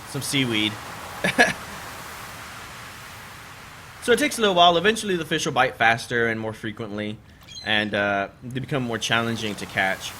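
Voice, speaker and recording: A man's voice: mid-range voice, pushed and bright, a little hiss or hum. A man giving rambling, chatty let's play commentary while playing a farming game, with casual swearing. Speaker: gaming channel host. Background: game music.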